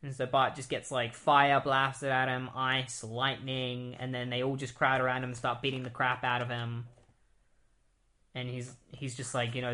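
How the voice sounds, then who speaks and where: Male podcast host, mid-pitched, loose and chatty comic book recap. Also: monotone, moderate pace, pushed and bright. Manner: casual, filler-heavy retelling.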